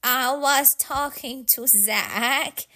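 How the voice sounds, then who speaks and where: A woman's voice: sits high, extremely slow, pushed and bright, voice pushed up, full character voice. A woman voicing a cheerful, teasing old lady neighbour in a storybook. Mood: jolly. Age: older. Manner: jolly and teasing.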